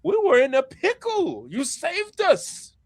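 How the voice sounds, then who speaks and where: A jolly old skeleton pirate, cackling through every line in a voice pitched far above the narrator's own. He sounds cheerful and carefree, part of a spoken tabletop game. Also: huge pitch swings, slow pace, no echo, studio quality, full character voice.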